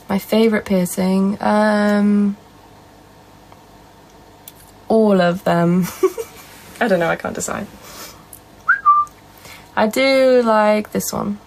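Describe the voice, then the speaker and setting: A woman's voice: medium pitch, darkish tone, a little hiss or hum, low-quality recording. A young woman with a Northern English accent, casually chatting on a live stream and answering viewer comments. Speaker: livestreamer.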